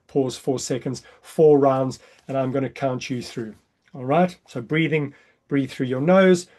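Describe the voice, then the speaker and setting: A man coaches a breathwork workshop over a video call, explaining the exercises and counting slowly and softly through each breath. He stays calm, his voice dropping soft and low as he counts.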